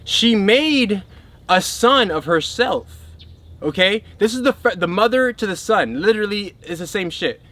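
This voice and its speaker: A man's voice: high-pitched, lively intonation, a little slow, pushed and bright. A man giving an emphatic spiritual teaching talk who keeps checking in with his listeners.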